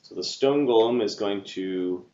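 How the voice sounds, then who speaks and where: A man narrating as game master of a tabletop game at a table with players, pausing often with ums and restarts. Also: on the low side, mellow, roomy sound, highs cut off. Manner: halting, frequent restarts and ums. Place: room with several players around a table.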